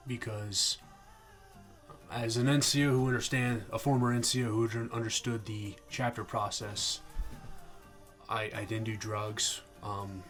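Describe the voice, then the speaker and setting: A man's voice: fairly low pitch, fairly bright tone. A young man, an army veteran, angrily telling a profane story in a casual vlog. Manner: angry, profane, acts out quoted dialogue.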